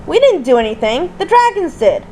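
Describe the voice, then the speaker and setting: A woman voicing a skeptical thirteen-year-old boy with a quick, dismissive manner. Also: high-pitched, sing-song, warm tone, slight background noise, rough recording.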